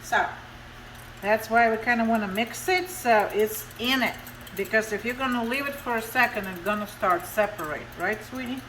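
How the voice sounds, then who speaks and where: A Russian woman with a Russian accent hosts a home cooking demo in her kitchen, chatting through each step in broken English. Her voice sits on the high side at a moderate pace. The room echoes and there's background noise.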